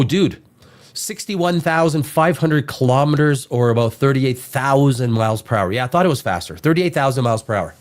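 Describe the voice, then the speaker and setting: A man hosting a casual podcast who has a cold, rambling in an animated way, swearing casually and reading news items aloud. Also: mid-range voice. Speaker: podcast host.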